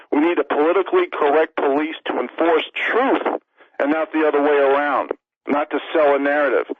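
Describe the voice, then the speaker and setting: A man's voice: a little high, no room sound. Breathless sixty-year-old man ranting by phone. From New York City. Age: 60s. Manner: emphatic, rapid-fire list of demands. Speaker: radio show guest, author. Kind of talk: impassioned political call-in monologue. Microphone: phone call. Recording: tinny phone line.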